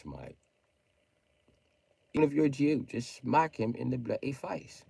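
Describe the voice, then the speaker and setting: A man livestreaming, ranting in mocking tones with sudden shouted bursts and jokey mock British slang. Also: medium pitch, big pitch swings, measured pace, vocal fry, pauses often, slightly rough, no echo, clean studio sound.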